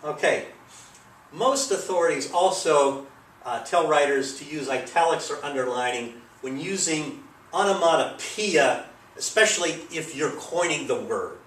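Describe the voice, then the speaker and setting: A man's voice: on the high side, measured pace, fairly bright tone, slight background noise. A man giving a recorded grammar lesson, explaining in a loose, rambling way with many fillers. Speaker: teacher. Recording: echoey room, mic at a distance.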